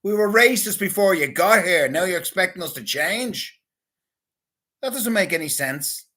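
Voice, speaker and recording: A man's voice: high voice, expressive, moderate pace, bright, forceful tone. A man in a casual, rambling monologue, talking crudely and swearing often. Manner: crude, profane, rambling banter. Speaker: vlogger.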